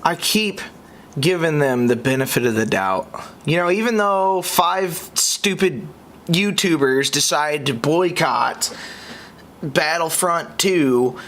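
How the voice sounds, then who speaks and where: A young man from the United States hosting a podcast, reacting in an exasperated way that swings between high outbursts and low muttering. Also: animated, slow, a bit bright, slight background noise. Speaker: podcast host.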